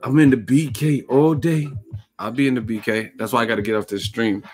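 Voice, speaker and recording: Speaking fairly quickly in a medium-pitched, slightly mellow voice, a man runs a boxing livestream for YouTube. He keeps it casual, cracking jokes, cursing freely and laughing often.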